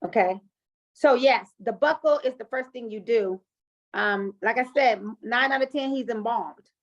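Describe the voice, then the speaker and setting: A woman leads a group coaching call, animated and chatty with lots of fillers. Her voice sits fairly high. The sound is dull and lo-fi, like audio from an online call. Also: normal speed. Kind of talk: coaching talk and personal storytelling.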